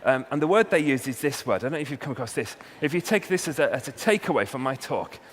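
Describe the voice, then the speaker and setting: A man's voice: medium pitch, expressive, fast talker. A man with a Welsh accent, a university researcher giving a humorous talk and hitting key words with punchy emphasis. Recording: long hall reverb, faint hum.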